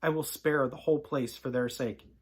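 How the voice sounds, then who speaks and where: A man reading the lines of a solemn deity who answers calmly and in measured words. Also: mid-range voice, slightly rough, close to an everyday voice. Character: solemn male deity, calm and assuring.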